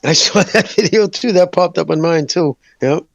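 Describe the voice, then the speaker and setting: A man's voice: high-pitched, moderate pace, vocal fry, dry recording. A man in casual podcast chat, laughing along and swearing casually as he recalls old jokes.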